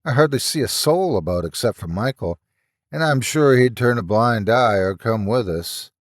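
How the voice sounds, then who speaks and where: A man's voice: mid-range voice, expressive, moderate pace, no echo, clean studio sound, natural voice. Man doing an anxious, sarcastic captive doctor. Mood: tense. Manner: urgent, sarcastic, pressing.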